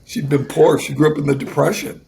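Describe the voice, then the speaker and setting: A man in his sixties tells a personal story as a guest, circling back and restarting his sentences. His voice is heavily gravelly with a lot of vocal fry. A faint hiss of noise sits under it. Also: on the high side, steady tone. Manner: halting, with restarts and repeated words. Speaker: guest musician.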